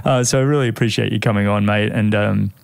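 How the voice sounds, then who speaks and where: A man's voice: on the low side, fairly even intonation, fast talker, vocal fry, no room sound, clean studio sound. A man hosting a podcast interview in a friendly, chatty way, calling his guest mate. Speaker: podcast host. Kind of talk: casual interview chat.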